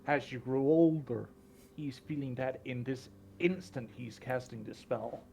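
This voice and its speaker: A slow-talking man narrates a tabletop game as game master, his voice gravelly and unhurried. He describes the action with plenty of small fillers. A faint hiss sits under the recording. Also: mid-range voice, darkish tone.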